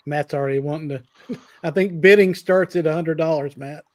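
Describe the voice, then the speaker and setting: A man co-hosting a sports show, joking in a halting way. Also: fairly high pitch, no room sound, studio quality.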